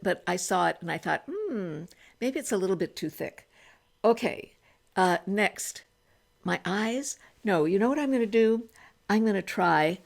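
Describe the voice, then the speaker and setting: Gravelly-voiced woman in her eighties. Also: on the low side. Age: 80s. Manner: chatty, thinks aloud, many restarts while applying makeup. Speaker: beauty vlogger. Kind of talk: casual makeup try-on vlog. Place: small room at home.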